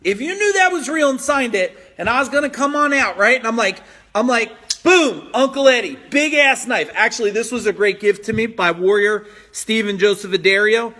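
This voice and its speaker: A man's voice: sits high, a little fast. A man hosting a motivational business live stream at home, reading out viewer comments and pushing them hard with repeated phrases. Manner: energetic, pushy, repeats phrases for emphasis.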